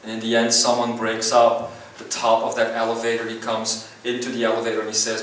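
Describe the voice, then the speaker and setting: A man giving a live spiritual seminar talk, earnest and slow, with long pauses between phrases. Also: mid-range voice, monotone, a bit bright, a little hiss or hum. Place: seminar hall. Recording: echoey hall recorded from far off.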